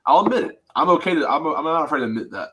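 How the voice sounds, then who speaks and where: A man's voice: on the high side, expressive, rapid-fire, sharp tone, breathy edge. A man co-hosting a casual sports talk show, ranting in a fired-up way and rattling off stats. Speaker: co-host.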